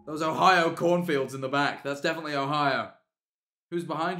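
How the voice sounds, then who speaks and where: A British man streaming live, reacting to videos with excitable, swearing commentary that bursts into yelling. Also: a little high, normal speed.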